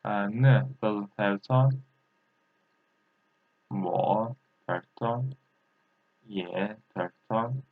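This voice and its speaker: A man, a native Turkish speaker, giving a language lesson in English, halting and repeating words slowly with many fillers. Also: lowish voice, creaky. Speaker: language teacher. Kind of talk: slow spoken language lesson. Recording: tinny phone-like audio.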